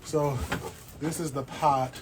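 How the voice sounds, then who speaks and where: A man's voice: a little high, steady tone, takes it slowly, very noisy. A man, hosting a casual plant livestream, chatty and joking, often checking in with his viewers. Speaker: plant channel host. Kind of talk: casual livestream chat answering viewer questions. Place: home indoors with plants.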